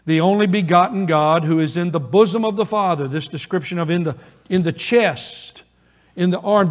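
A man preaching a sermon as pastor, earnest and emphatic, with pauses for weight. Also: sits high. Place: church. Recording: long reverb of a church hall.

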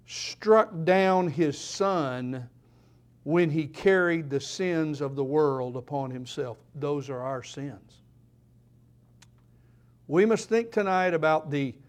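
A man preaching a sermon in church, slow and emphatic, repeating key phrases for weight. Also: high-pitched.

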